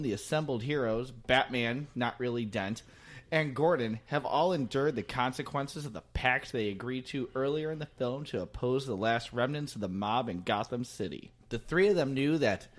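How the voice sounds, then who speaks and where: A man reads a film history script aloud to his friends. He slips into a mock old-time newscaster manner. His pitch sits in the middle range. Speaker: podcast co-host reading the script. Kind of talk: casual podcast chat and reading aloud.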